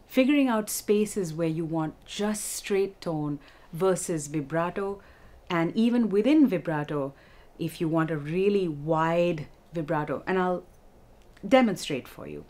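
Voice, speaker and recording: A woman vocal instructor giving a music lesson, explaining techniques clearly and demonstrating them. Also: on the low side, warm tone.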